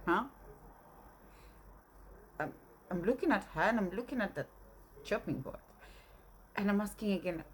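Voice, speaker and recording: A woman's voice: medium pitch, normal speed, pauses often, a little hiss or hum. A woman casually telling a long, rambling story with lots of fillers. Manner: rambling, animated, full of fillers.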